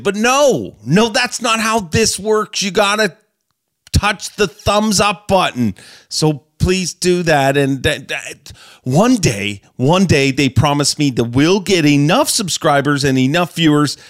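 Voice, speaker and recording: A man hosting a podcast, telling stories with animated, joking energy and closing with a playful sign-off. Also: on the high side. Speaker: podcast host. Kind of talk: casual podcast chat and sign-off.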